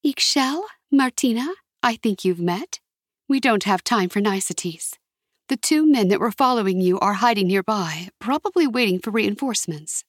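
A commanding woman leader gives firm, urgent orders, as a woman reads her. Her voice is slightly husky, close and dry, with no room around it. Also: medium pitch, animated, moderate pace, dry recording, lightly acted.

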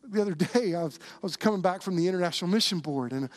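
A man with a high voice preaches a sermon from the church platform. He speaks earnestly and tells stories, often stumbling and restarting his sentences as he builds his point. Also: lively intonation, rapid-fire. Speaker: pastor.

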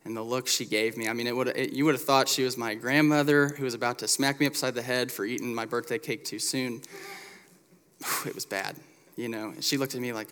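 A young man in his twenties preaches a casual, self-deprecating sermon. His voice sits at an ordinary middle pitch and carries a long reverb from a church sanctuary. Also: fairly even intonation, fast, pushed and bright, smooth. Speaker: pastoral resident preaching. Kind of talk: sermon with personal story.

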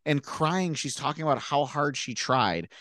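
A man with a Canadian accent, co-hosting a podcast, telling a reality-show story in a lively way and swearing freely. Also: a little high, normal speed, dry recording, studio quality. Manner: animated storyteller, acts out quotes, swears freely. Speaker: podcast co-host. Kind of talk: casual chat, retelling a reality show.

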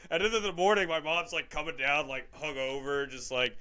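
A young man co-hosting a casual comedy podcast, laughing often and jumping into high quoted voices. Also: fairly even intonation, fairly quick, hardly any pauses, pushed and bright.

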